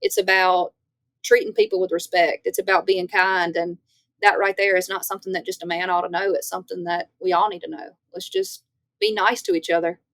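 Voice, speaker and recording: A young woman from Northeast Louisiana with a Southern accent, chatting as an interview guest and telling stories in a lively way. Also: fairly low pitch, a little fast, no room sound. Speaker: guest, country singer. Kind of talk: casual interview chat.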